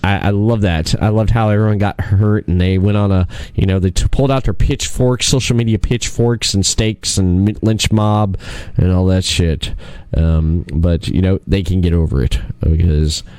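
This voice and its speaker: Podcast host, male, lowish voice, dry close-mic sound, chatty and animated. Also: normal speed, clean tone, no echo. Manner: animated storyteller, laughs often, restarts. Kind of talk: casual chat.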